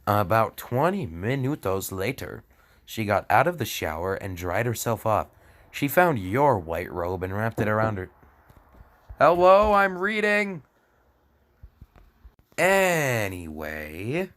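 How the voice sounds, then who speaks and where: With a lowish, slightly bright, sing-song voice at a measured pace, a young man reads fan fiction aloud as comedy. Frequent laughter, sarcastic asides and tripped-over words break up the reading.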